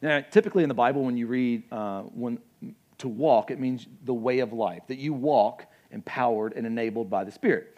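A young adult man preaching a sermon as pastor, conversational and animated, with asides and acted-out quotes. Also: medium pitch, normal speed, lo-fi sound.

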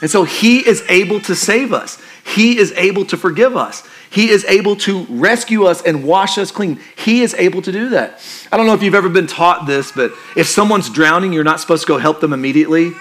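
A male pastor preaching a sermon in a conversational, joking style that turns quiet and earnest for emphasis. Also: sits high, a little fast, slight background noise.

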